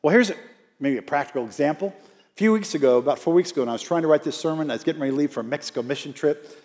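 A man's voice: a little high, rapid-fire, a little mellow. A man, an outreach minister, preaching a storytelling sermon in a church and coaxing the congregation to repeat lines back to him. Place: church sanctuary. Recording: church hall with long reverb.

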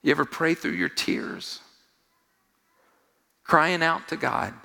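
With a gravelly, steady voice and an unhurried pace, a pastor preaches in a large hall, repeating phrases for emphasis and asking his listeners questions. He moves from quiet, low remarks to loud, high-pitched exhortation.

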